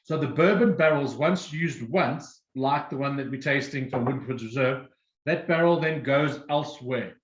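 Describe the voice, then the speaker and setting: A man's voice: medium pitch, normal speed, echoey room, lo-fi sound. A man presenting a whiskey tasting and explaining each drink step by step. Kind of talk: guided tasting talk.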